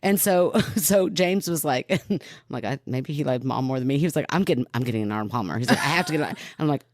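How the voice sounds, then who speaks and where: A woman's voice: extremely low pitch, fast, dry recording, clean studio sound. A woman from Kentucky, a podcast co-host, telling a long personal story in casual chat, laughing often and acting out the people in it. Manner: animated, laughing storyteller who acts out quoted people.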